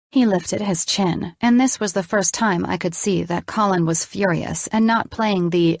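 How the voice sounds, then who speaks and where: A woman narrating a romance novel in the first person, steady and measured. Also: fairly low pitch, gravelly, no room sound, studio quality. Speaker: audiobook narrator.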